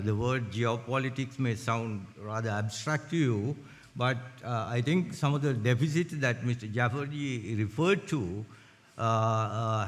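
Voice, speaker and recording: Older Sri man in a hall. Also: medium pitch. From Sri Lanka. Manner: deliberate, measured, with frequent hesitant "uh" fillers. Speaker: conference speaker. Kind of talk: formal conference talk. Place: large conference hall. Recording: long hall reverb.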